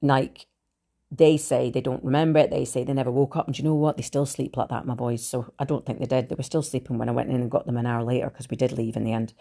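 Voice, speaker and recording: A Scottish woman with a Glasgow accent, telling her own story in a blunt, animated monologue full of swearing. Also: rumbling low, fast, vocal fry. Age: adult with three children. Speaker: speaker sharing her recovery story.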